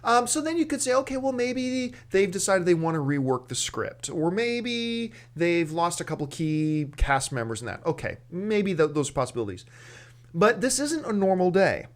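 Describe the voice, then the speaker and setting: A man's voice: high-pitched, normal speed. Chatty male movie news co-host. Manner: animated, thinks aloud with fillers and restarts. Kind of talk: casual news discussion.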